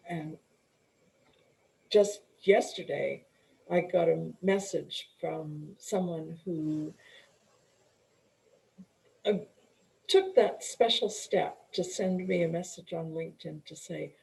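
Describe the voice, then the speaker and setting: A middle-aged woman speaks slowly as an interview guest, her voice carrying a gravelly edge. She tells her story earnestly, with restarts and the odd clearing of her throat. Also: low voice, dark tone, low-quality recording. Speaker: guest, empowerment coach and author.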